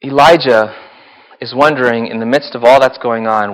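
A man preaching a sermon to a live congregation, telling the story with animated energy that swings from loud excitement to hushed softness. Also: medium pitch, normal speed. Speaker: pastor. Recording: long hall reverb.

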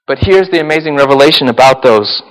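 A man preaching a sermon as a pastor. He swings from loud, intense passages to hushed, soft ones and laughs now and then. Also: mid-range voice, expressive, fast talker. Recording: reverberant hall.

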